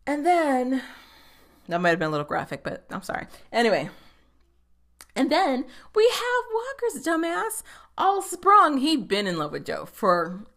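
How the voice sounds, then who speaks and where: Animated young woman recapping a show. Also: high voice. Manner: animated, swears freely, slips into quick voices for characters. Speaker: TV episode recapper. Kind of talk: casual episode recap.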